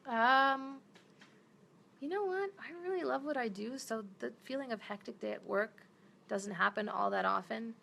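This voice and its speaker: A chatty woman in her thirties answers fan comments in a relaxed live stream. Her voice is bright and a bit tense, with a gravelly fry, and she drifts between English and Portuguese as she talks. There is faint noise behind her. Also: on the high side, moderate pace. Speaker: actress.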